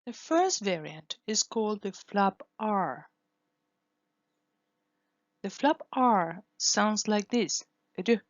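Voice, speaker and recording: A woman's voice: medium pitch, big pitch swings, slow pace, pauses often, dry recording, lo-fi sound. A woman whose first language is Spanish, teaching English phonetics in a careful lesson, repeating each sound to demonstrate it. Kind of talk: scripted lesson.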